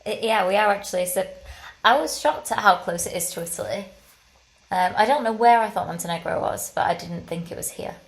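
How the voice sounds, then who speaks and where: A woman co-hosting a podcast, chatty and quick to giggle in a casual travel chat. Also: mid-range voice. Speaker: podcast co-host.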